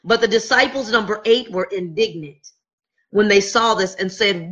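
Woman preacher, sermon, husky voice with a sharp edge, emphatic repeated questions. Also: medium pitch, normal speed, dull audio.

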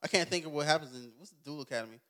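A man's voice: on the high side, rapid-fire, pushed and bright. A man chatting casually as a podcast co-host, telling stories in a loose, joking, profane way. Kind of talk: casual chat.

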